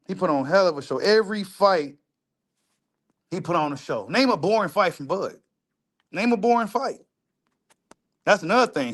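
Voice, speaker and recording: A man talks in a high, excitable register as he reacts to a video. He repeats lines for emphasis and drops curse words freely, in loose casual commentary. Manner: repetitive, emphatic, profane street talk.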